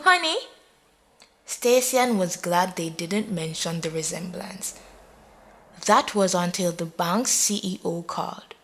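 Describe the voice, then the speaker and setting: A woman narrating an audio story in a measured, dramatic way. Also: medium pitch.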